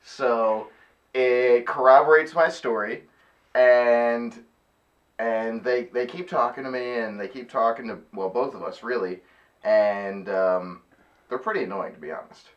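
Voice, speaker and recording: A man's voice: medium pitch, measured pace, muffled recording. A man, a podcast co-host, telling a chatty anecdote. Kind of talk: casual chat.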